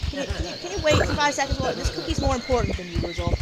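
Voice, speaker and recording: A woman's voice: sits high, sing-song, racing, heavy background noise. A woman hosting a let's play, giving casual, rambling commentary and playfully trash-talking the game's enemies. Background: loud game music.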